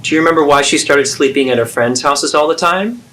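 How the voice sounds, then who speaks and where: A man's voice: on the high side, sharp tone, a little hiss or hum. Earnest man in a therapy role-play. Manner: earnest, pleading, measured. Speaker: therapist and video host.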